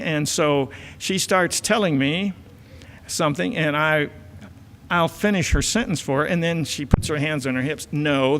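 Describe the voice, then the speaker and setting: A man's voice: fairly high pitch, a bit bright. An older man, a church elder giving a folksy family-life talk full of filler words. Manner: folksy, many filler uhs and repeated words. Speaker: church elder and marriage counselor. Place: church auditorium. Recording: church hall reverb.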